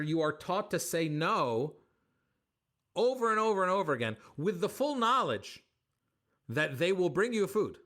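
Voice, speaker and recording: A comedian man answering interview questions with animated, joking stories, acting out bits of dialogue. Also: on the high side. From United States. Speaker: comedian guest.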